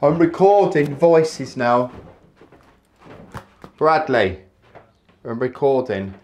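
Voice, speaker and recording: A playful man talks to himself on the stairs of a hallway indoors. His voice swings widely up and down, and he speaks at an unhurried pace. A faint hiss sits underneath. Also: medium pitch, lively intonation, a little mellow. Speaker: YouTuber. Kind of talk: playful vlog commentary.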